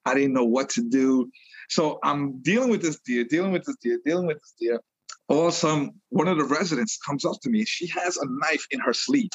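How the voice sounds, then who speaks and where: A middle-aged man from New York telling a story in a casual interview, animated, laughing often and repeating phrases. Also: a little high, moderate pace, husky, dry recording, dull audio. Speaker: guest, retired police detective sergeant.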